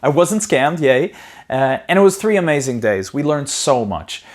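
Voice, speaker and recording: A man, a property investing educator, telling his personal story in a conversational way, full of "you know" and quick restarts, livening up when he retells conversations. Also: fairly high pitch, big pitch swings.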